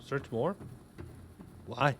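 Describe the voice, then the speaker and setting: A man's voice: mid-range voice, expressive, extremely slow, slight background noise. A man streaming a game live, chatting casually and joking while answering his chat.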